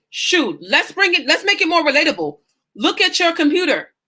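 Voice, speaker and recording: A woman's voice: very high-pitched, sing-song, normal speed, bright, forceful tone. A woman life coach giving a live-streamed coaching lesson, talking in an emphatic, folksy, preacher-like way. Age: adult mother.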